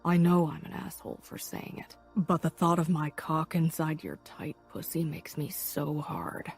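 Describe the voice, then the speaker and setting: Hushed, raspy young male lover, as a woman narrator voices him, low and intimate. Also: level tone, unhurried, soft background music, full character voice. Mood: hushed, intense. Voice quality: rough, raspy murmur. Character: young adult man, rough-voiced, intense and possessive lover.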